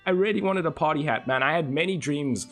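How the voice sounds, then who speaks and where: A man's voice: fairly high pitch, a bit bright. Laid-back swearing young man streaming. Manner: laid-back, swears a lot, spins stories with quick voice impressions. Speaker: game streamer. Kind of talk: casual live-stream chat.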